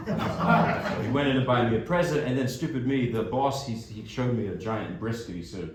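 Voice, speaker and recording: A man's voice: mid-range voice, animated, brisk, hardly any pauses. A man from New Jersey who plays classical piano, telling a self-deprecating story to an audience in a casual way. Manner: chatty, self-deprecating anecdote teller. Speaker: classical pianist giving a recital talk. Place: concert hall. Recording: echoey hall from far off, background noise.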